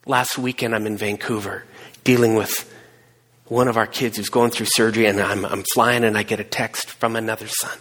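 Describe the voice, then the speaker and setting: A middle-aged man preaching a sermon, telling a personal story with emphatic swings between hushed and raised delivery. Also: fairly low pitch, little pitch movement, normal speed. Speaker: pastor. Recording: long hall reverb.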